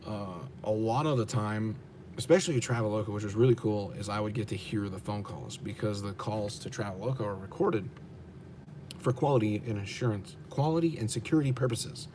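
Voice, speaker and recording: Live-streaming from his truck, an American man rants with blunt profanity while fielding chat, repeating questions to stress them. He sounds low and a little mellow, speaking at moderate speed with slight background noise.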